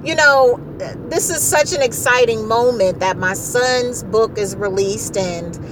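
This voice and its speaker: A middle-aged woman telling a story in a casual, animated way, exasperated and repeating herself for effect. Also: a little high, measured pace, noisy background.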